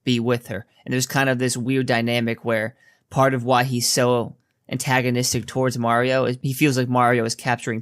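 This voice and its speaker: A man giving a casual spoken movie review in a relaxed, chatty way, with frequent filler words. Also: medium pitch, no room sound, studio quality.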